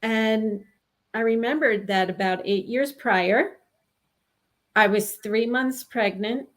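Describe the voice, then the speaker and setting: A woman in her sixties from New York recounts a personal experience in an interview. Her voice sits somewhat high, and she speaks earnestly and haltingly, often breaking off and starting a sentence again. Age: 60s. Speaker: guest telling her experience.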